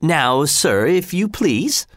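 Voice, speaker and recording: A man voicing a cheerful, overly polite old executioner in a high, chirpy voice. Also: wildly swooping pitch, unhurried, no echo, clean studio sound, full character voice. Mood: cheerfully polite.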